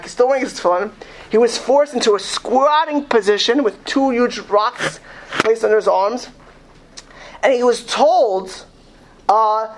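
A woman telling a dramatic true story, with frequent stumbles and restarts as she goes. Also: mid-range voice. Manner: dramatic, stumbling restarts, pauses to ask words.

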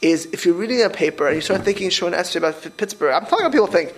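Male rabbi, rapid animated sermon, slightly high voice, stumbling restarts. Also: low-quality recording. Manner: rapid, animated, with many restarts and repeated words. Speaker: rabbi giving a Torah class. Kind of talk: informal sermon to a group.

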